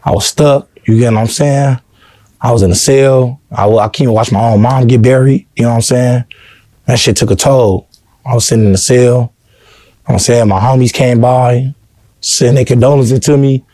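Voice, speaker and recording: Earnest man telling his story, mellow voice. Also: medium pitch, fairly even intonation, fairly quick, dry recording. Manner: peppers speech with "you know what I'm saying"; earnest, heartfelt. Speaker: interview guest. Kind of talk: casual personal storytelling.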